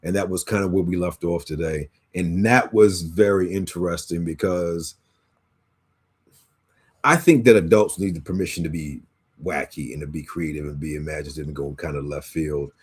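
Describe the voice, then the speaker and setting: A man with a fairly low voice talks through his day on a video call. His delivery is laid-back and slangy, full of fillers and restarts as he thinks out loud. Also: normal speed, husky. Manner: relaxed, slangy, trails off with fillers. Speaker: podcast co-host, educator. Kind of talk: casual chat.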